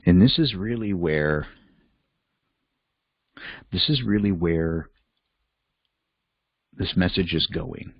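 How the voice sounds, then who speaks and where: A man who is a podcast host and life coach leads a reflective self-help talk, candid and conversational, thinking out loud as he goes. His low voice is expressive and slow with long pauses; the audio is dull, with no room sound.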